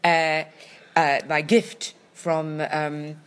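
A woman's voice: low voice, level tone, drawn-out words. A woman co-hosting a podcast in casual chat, full of wry, teasing banter, recorded in a shop. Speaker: podcast co-host. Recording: shop with background noise.

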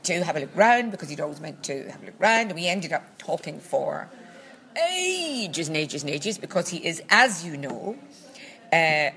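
A Scottish woman chatting as a podcast co-host, her voice sitting a little low. She teases with a dry wit and wanders through long asides. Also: big pitch swings, a bit bright. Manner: dry, teasing, drawn-out asides. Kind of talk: casual chat.

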